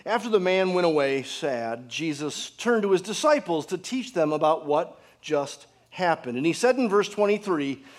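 A pastor preaching a sermon to his congregation, earnest, asking rhetorical questions and dropping to a hushed tone for emphasis. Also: a little high, animated, measured pace.

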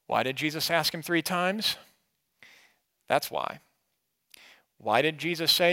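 Guy preaching a bible sermon, chatty, asks the room questions, voice a bit on the high side. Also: expressive, slow, pauses often. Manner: conversational, asks the congregation questions, swings between emphatic and quiet. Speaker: pastor. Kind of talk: expository sermon.

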